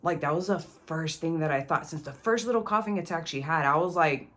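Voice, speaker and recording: A young woman with a slightly low voice tells a personal story straight to camera. Her delivery is loose and slangy, full of casual curses and asides to the viewer. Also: a little fast, fairly bright tone. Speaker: vlogger.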